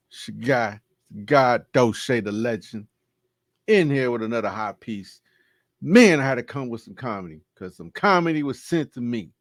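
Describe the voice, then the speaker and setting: A man's voice: mid-range voice, no echo, studio quality. A man hosting his channel, talking casually and slangily to viewers and laughing at a message he is reading out. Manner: laid-back slangy talk, laughing at what he reads. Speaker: channel host.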